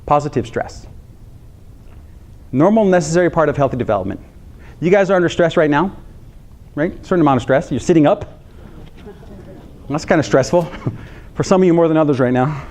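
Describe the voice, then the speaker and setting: With a fairly high voice and a slightly quick delivery broken by long pauses, a health psychologist from the United States runs an animated training session for counselors. He repeats important phrases and jokes with the audience.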